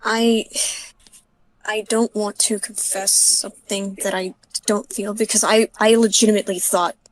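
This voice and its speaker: Woman, hesitant, halting speech, played clip. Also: mid-range voice, little pitch movement, poor audio.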